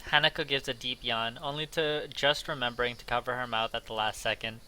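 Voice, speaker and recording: A man's voice: medium pitch, steady tone, brisk, bright, forceful tone, rough recording. A man hosting a let's play, reading visual novel narration aloud with casual, jokey asides.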